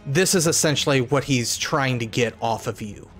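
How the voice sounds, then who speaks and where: A man narrating as storyteller in a tabletop horror game, speaking in a measured way with pauses. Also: medium pitch, fairly bright tone, soft background music.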